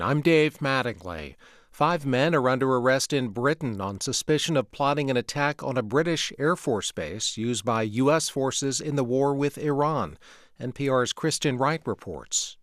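A man at mid pitch reads radio news in a measured, steady newscaster delivery. The studio sound is dry and close, with no room echo. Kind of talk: scripted news reading. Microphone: studio microphone.

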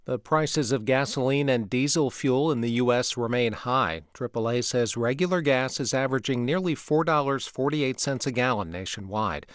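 A man at mid pitch reads radio news in a measured, steady newscaster delivery. The studio sound is dry and close, with no room echo. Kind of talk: scripted news reading. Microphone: studio microphone.

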